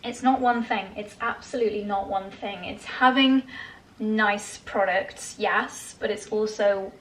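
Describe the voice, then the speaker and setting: A chatty woman talks casually in her home vlog. She gushes about products and laughs softly now and then, all while working through a facial massage. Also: medium pitch, steady tone, a little slow. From England. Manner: chatty and gushing, with soft laughs. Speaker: lifestyle vlogger.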